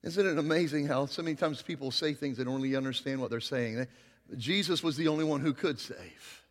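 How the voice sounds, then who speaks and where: A male pastor preaching a sermon, swinging between loud, emphatic passages and quiet, slow emphasis. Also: mid-range voice, long reverb tail.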